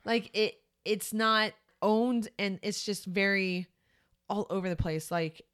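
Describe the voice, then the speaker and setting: A woman's voice: medium pitch, takes it slowly, fairly bright tone, clear, resonant tone. A woman in her thirties co-hosting a podcast, talking frankly and emphatically in casual chat, laughing often. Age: 30s. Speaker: podcast co-host.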